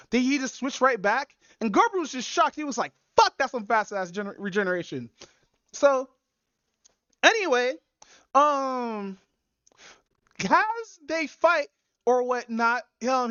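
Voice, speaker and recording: High-pitched woman host, loose profane storyteller, recorded dry and dull. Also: fairly bright tone, no room sound. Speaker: podcast host. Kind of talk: casual chat.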